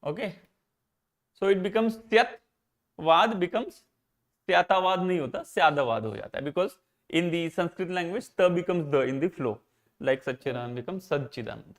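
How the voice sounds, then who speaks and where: A man's voice: sits high, animated, a little fast. A man with an Indian English accent teaching philosophy in an exam-prep lecture, posing rhetorical questions and answering them himself. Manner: repeats and rephrases key points, slips into Hindi.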